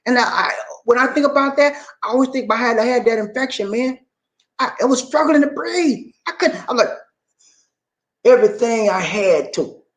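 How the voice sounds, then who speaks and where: A man hosting a casual livestream, answering viewers' comments in an animated, preachy way and often tagging his sentences with "man" and "y'all". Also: high-pitched. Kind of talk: casual live chat with viewers.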